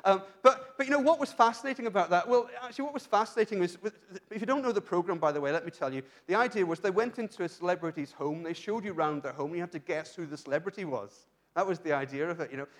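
A man's voice: sits high, fast. A man from Britain preaching a church sermon, earnest and questioning, often restarting his sentences. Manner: earnest, asks rhetorical questions, frequent restarts. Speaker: pastor.

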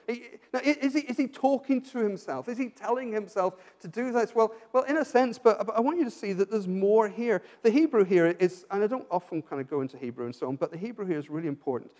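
A male preacher with a fairly high voice delivers an earnest sermon. He asks rhetorical questions and doubles back on his words as he builds a point. His voice rings with the long reverb of a large hall. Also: fast talker, hardly any pauses, a little mellow.

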